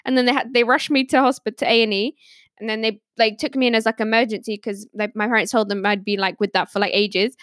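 A woman's voice: a little high, fairly even intonation, quick pace, fairly bright tone, dry recording, clean studio sound. A young woman on a podcast panel, casually telling stories and laughing often as she talks. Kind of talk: casual storytelling.

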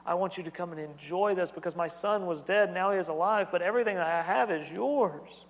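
High-pitched guy preaching, earnest and repetitive, long echoey tail on the voice. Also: fairly quick, hardly any pauses, a little hiss or hum. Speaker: pastor. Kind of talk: sermon. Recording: long hall reverb.

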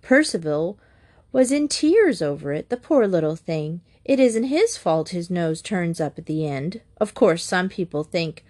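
A woman's voice: lowish voice, very animated, unhurried, a little mellow. A woman voicing a fussy, gossipy mother who clucks and talks primly. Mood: clucking. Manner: clucking, prim.

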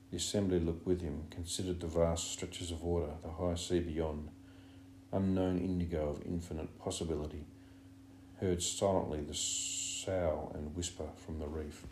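A man reading a novel aloud in measured narration, in a roomy room with a faint hum. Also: low voice, dark tone. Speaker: audiobook narrator. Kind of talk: scripted narration.

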